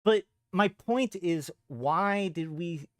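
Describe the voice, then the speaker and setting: A man's voice: high voice, takes it slowly, dry recording, studio quality. A man hosting a live stream, thinking aloud in a casual chat with frequent trailing off and restarts. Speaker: streamer host.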